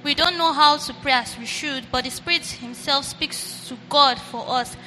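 A woman from the congregation asking the pastor a question into a handheld mic, hesitant and halting. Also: sits high, bright, forceful tone, slight background noise. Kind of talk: question from the floor. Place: church hall. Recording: reverberant hall with faint ambience.

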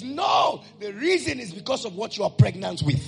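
A man preaching a sermon, calling out to the congregation and rising into shouted, chanted lines. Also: very high voice, animated, normal speed, vocal fry, few pauses, soft background music.

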